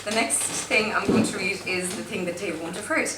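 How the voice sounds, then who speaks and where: A woman's voice: mid-range voice, fairly even intonation, echoey room, distant mic, background noise. Wry woman poet. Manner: wry, chatty between pieces, slow and deliberate in poems. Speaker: guest poet. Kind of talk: spoken word performance. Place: pub performance room.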